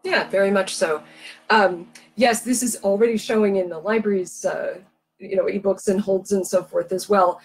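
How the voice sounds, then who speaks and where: A woman hosting a library Q&A over a video call, asking questions in a measured, polite way with some fillers. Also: mid-range voice, steady tone, slight background noise, poor audio. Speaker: library event host. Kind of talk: casual Q&A interview.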